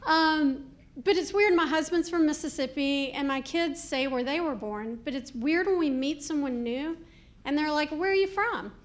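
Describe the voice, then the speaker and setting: A middle-aged woman from Georgia, doing a chatty, animated stand-up comedy set on a club stage, her talk full of "like" asides. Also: high-pitched, moderate pace.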